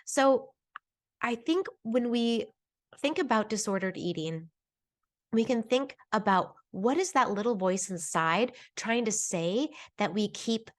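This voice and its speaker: Woman teaching in a relaxed, chatty way. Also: medium pitch, measured pace. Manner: conversational, many fillers and restarts, reflective. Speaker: herbal school teacher. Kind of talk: informal recorded lesson.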